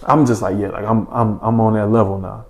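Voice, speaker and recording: A young man chatting casually as a podcast guest, telling stories in an animated, slangy way and acting out his own past thoughts and his friends' reactions. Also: fairly low pitch, fairly quick. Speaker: podcast guest, former junior college basketball player. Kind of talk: casual storytelling in a podcast chat.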